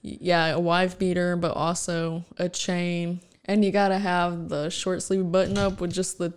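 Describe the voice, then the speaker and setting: A woman guest on a podcast speaks in a slightly low voice. She laughs often and keeps the chat loose and casual. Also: flat delivery, moderate pace, clear, resonant tone. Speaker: podcast guest, host's fiancée. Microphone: headphones and studio mic.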